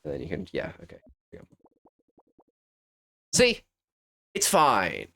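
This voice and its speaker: A man's voice: low-pitched, huge pitch swings, measured pace, creaky, pushed and bright. A young man commentating a fighting game on a live stream, thinking aloud in a rambling, self-correcting way.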